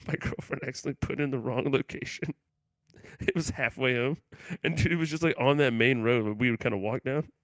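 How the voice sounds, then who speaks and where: A man's voice: medium pitch, brisk, fairly bright tone, dry recording. A young man co-hosting a podcast, telling stories in a loose, crude, slangy way with frequent laughter. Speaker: podcast co-host. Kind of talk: casual chat.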